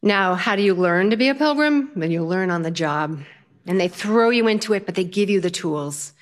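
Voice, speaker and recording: An older woman telling a lively, self-mocking story. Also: mid-range voice, normal speed. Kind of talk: storytelling performance.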